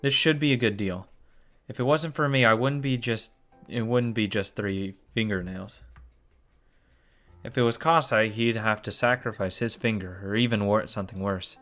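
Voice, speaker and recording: A man's voice: on the low side, normal speed, a bit bright, faint music behind. Man reading a game aloud, cursing. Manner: shocked cursing and groaning between read lines. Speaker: let's play host. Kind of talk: reading a visual novel aloud.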